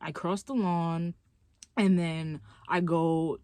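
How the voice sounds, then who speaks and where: A young woman vlogger telling a story in a casual, animated, chatty way. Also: lowish voice, slow pace, smooth, dry recording.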